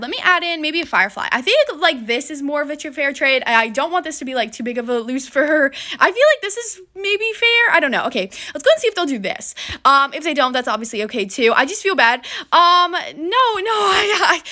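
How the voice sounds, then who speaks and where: A young woman giving casual gameplay commentary as a YouTuber, bubbly and excitable, gushing thanks to viewers. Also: high voice. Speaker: gaming YouTuber. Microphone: desk mic while doing her nails.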